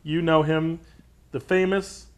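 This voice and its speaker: Man, cooking show host, jokey banter, slightly high voice. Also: steady tone, slow pace. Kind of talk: casual studio chat.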